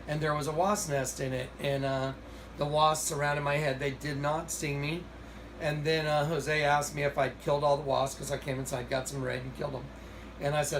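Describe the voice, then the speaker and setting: A man telling a rambling, excited story in a casual recorded monologue. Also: fairly high pitch, noisy background. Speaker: video host.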